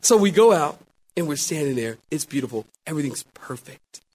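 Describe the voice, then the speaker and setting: A middle-aged man, a pastor, preaching a sermon and telling a story, swinging between loud exclamations and hushed asides. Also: a little high, very animated, a little fast, slightly rough.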